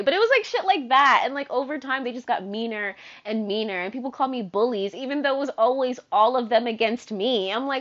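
A young woman in her twenties hosting a podcast, telling stories in a chatty, animated way, full of "like" and asides. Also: fairly high pitch, brisk, hardly any pauses. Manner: chatty, animated, filler-heavy with frequent "like". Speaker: podcast host. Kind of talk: casual storytelling monologue. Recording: dull lo-fi sound.

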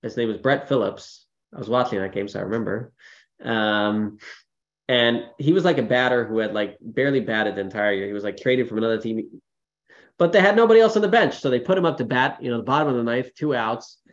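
A man, a rabbi teaching a class in a casual, storytelling way, lively when quoting people, with many fillers. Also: medium pitch, brisk, lo-fi sound. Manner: storytelling with animated quoted voices, many fillers. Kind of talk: informal Torah class talk.

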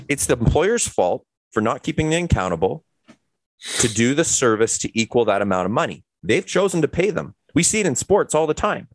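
A man's voice: mid-range voice, very animated, fairly quick, dry recording. A man co-hosting a casual podcast, making his points emphatically. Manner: opinionated, emphatic.

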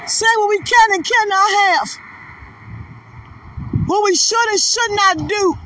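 A woman preaches with a very high, bright and forceful voice, stacking up repeated rhetorical questions. She sounds set back from the microphone, with a faint hiss behind her. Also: takes it slowly. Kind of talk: sermon. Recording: distant mic, faint noise.

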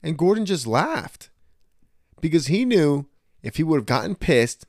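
A middle-aged man co-hosting a podcast, telling blunt, animated stories with swearing in casual chat. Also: on the high side, unhurried, dry recording, clean studio sound. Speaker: podcast co-host.

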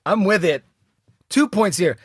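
A man's voice: high-pitched, lively intonation, a little slow, breathy edge, no room sound, studio quality. Young man telling a laughing travel story. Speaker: podcast co-host. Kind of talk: casual podcast storytelling.

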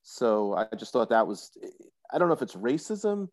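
A man's voice: mid-range voice, big pitch swings, normal speed. A man talking as a guest on a casual podcast, opinionated and explanatory. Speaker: guest commentator.

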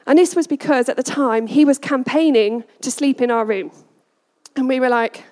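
A woman parent giving a personal storytelling talk, animated and laughing often as she acts out quotes. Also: high-pitched, moderate pace.

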